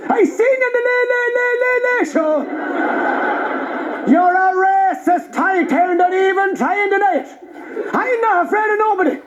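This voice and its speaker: Man putting on a young Irish lad, brash, shouting, high-pitched, fast, muffled sound. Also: background noise. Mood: accusing. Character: brash young male Traveller, shouting accusations. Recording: dull live audience recording.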